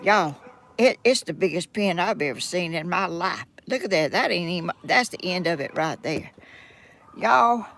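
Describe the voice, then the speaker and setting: A woman's voice: lowish voice, animated, normal speed, a bit bright. An older woman from Georgia with a Southern accent, chatting in a folksy, rambling way to her camera at home. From Georgia, USA. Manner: folksy, rambling, exclaims often. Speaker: vlogger. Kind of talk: casual chat to camera. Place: at home by a yard.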